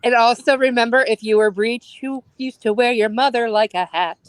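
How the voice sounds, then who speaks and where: A woman's voice: on the high side, moderate pace, shouting, heavy background noise. A woman co-hosting a casual movie podcast, blunt, with crude humor. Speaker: podcast co-host.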